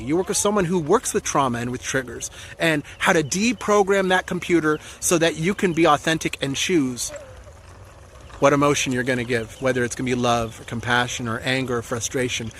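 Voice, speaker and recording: A man's voice: on the high side, brisk, fairly bright tone, a little hiss or hum. A man speaking as a coach in a casual, earnest and encouraging talk to his viewers, acting out quoted voices as he goes.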